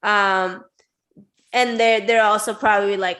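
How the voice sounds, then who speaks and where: A woman's voice: medium pitch, unhurried, a bit bright. A woman hosting a casual interview, chatty and giggly, with lots of filler words. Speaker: host.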